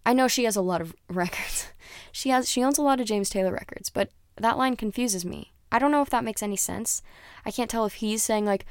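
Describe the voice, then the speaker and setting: A woman's voice: on the high side, a little fast, smooth, dry recording, studio quality. A young woman chatting casually as a music reviewer, rambling and dropping into whispered asides. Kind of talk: casual chat.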